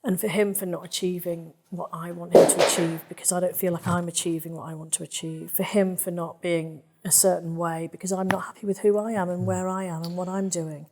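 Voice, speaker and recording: A woman speaking emotionally with her therapist, halting and searching for words. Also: fairly low pitch, flat delivery, a little mellow, a little hiss or hum. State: emotional, near tears. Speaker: therapy client.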